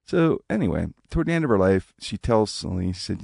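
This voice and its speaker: A man casually telling a personal story, animated, acting out the voices of people he quotes. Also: a little fast, gravelly, hardly any pauses, slightly rough, no echo, clean studio sound. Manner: animated, acts out quoted speech with big pitch jumps.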